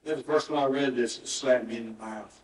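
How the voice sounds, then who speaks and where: Speaking a little fast in a mid-range voice, a male pastor tells a story during his sermon, acting out the dialogue and repeating words emphatically. It's recorded in a church sanctuary with a distant mic and roomy sound.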